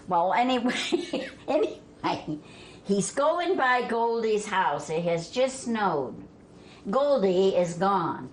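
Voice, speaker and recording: A woman's voice: mid-range voice, very animated, slow pace, a little hiss or hum. An older woman from Vermont, telling family stories in a casual, folksy way and laughing along with them. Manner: folksy, laughs through her own stories. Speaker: storyteller guest.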